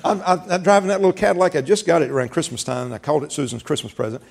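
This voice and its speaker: A middle-aged pastor with a gravelly, fry-edged voice set a little high for a man. He preaches in a folksy storytelling way, chuckling and acting out conversations as he goes. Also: steady tone, racing. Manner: folksy storytelling with laughter and quoted dialogue. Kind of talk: sermon.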